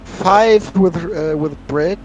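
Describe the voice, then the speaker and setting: High-voiced joking male player. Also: slow pace, highs cut off, background noise. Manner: joking, loud banter.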